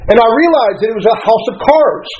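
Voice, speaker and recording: A man's voice: very high voice, lively intonation, a little fast, highs cut off, a little hiss or hum. A middle-aged man, a pastor preaching a sermon in an earnest, conversational way and reading scripture aloud.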